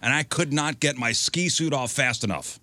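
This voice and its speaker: On a podcast, a male co-host with a medium-pitched voice spins a story at a moderate pace, animatedly acting out each line he quotes. The casual chat is captured in a dry recording.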